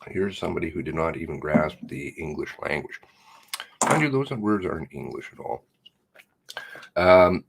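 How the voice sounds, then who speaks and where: A man's voice: a bass voice, lively intonation, normal speed, vocal fry, pauses often, slightly rough. A man live streaming, chatting casually and reading viewer comments aloud in a rambling, self-mocking way. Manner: rambling and self-mocking, jumping between laughs and mutters.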